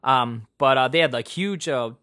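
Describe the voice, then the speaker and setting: Bright-voiced Chicago man rambling. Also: mid-range voice, normal speed. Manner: rambling, swears freely, many fillers. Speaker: podcast co-host. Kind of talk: casual chat.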